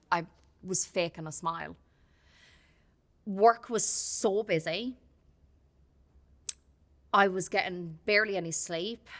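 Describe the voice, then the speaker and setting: Irish woman, podcast guest, bright forward voice, candid and heartfelt storytelling. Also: lowish voice. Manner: open and heartfelt, many restarts. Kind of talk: candid casual chat.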